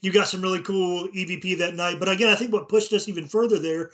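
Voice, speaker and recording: A man's voice: sits high, fairly even intonation, fast. A middle-aged man co-hosting a casual chat about paranormal investigations, laid-back and joking. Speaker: podcast co-host.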